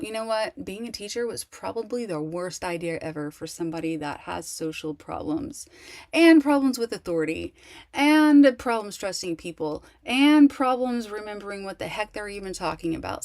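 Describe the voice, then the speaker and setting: Candid, rambling woman with a low voice. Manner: rambling, halting, many restarts and fillers; candid and emotional. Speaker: vlogger. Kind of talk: casual personal monologue.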